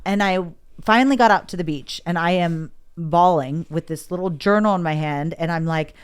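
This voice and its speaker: On a podcast, a woman whose clear, resonant voice sits on the low side recounts a personal story at a moderate pace. She's candid and emotional, and she brings other people's words to life by acting them out in lively voices during the casual interview.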